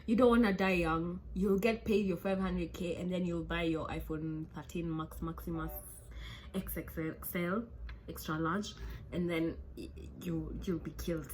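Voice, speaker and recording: A woman's voice: fairly low pitch, fairly even intonation, measured pace, a little mellow, a little hiss or hum. A woman, a vlogger telling a true crime story in a chatty, joking way with many asides.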